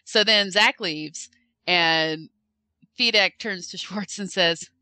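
Woman, lowish pitch, bright forceful tone, lively fan recounting an event, dry sound. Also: slow pace, dry recording. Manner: animated, acts out quotes with shifting voices. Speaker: fan recounting a convention panel. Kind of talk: casual storytelling chat.

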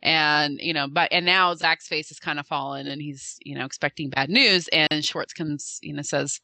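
Woman, lowish pitch, bright forceful tone, lively fan recounting an event, dry sound. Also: normal speed, few pauses, no room sound. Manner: animated, acts out quotes with shifting voices. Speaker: fan recounting a convention panel. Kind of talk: casual storytelling chat.

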